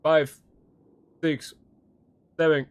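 A man in game roleplay, teasing another player while counting out loud. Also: a little high, level tone, drawn-out words.

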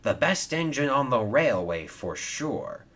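A man's voice: medium pitch, sing-song, a little slow, a bit bright. A man voicing a kind, helpful male steam engine in a storybook reading, friendly and earnest.

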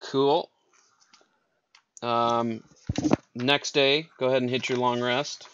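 A man narrating as dungeon master, describing scenes with many fillers and pauses. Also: medium pitch, level tone, fairly bright tone, lo-fi sound, slight background noise. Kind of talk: narrating a tabletop game.

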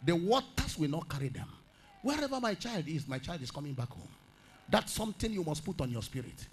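A male pastor preaching a dramatic sermon, swinging from shouted peaks down to quiet storytelling. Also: a little high, big pitch swings, brisk, noisy background.

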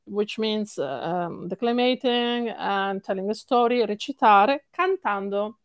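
An Italian-accented woman, a singing coach, answers interview questions with animation, repeating words for emphasis and laughing often. Her pitch is medium and her pace measured, with no echo.

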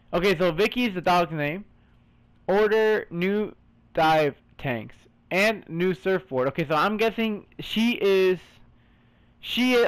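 An excitable man commenting on a game he is playing, his voice high and swinging wildly between calm murmurs and yelps. He exclaims, swears freely and calls everyone "bro". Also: clean tone. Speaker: gaming streamer. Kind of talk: let's play commentary.

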